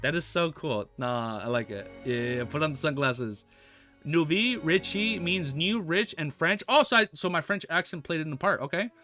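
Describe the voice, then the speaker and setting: Young American male streamer, bright and fairly high voice, reads aloud and chats loosely with viewers, faint music behind. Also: lively intonation, normal speed. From United States. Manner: chatty, stumbles over words, says dude and bro. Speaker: streamer reading a web novel aloud. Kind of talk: casual reaction stream, reading aloud.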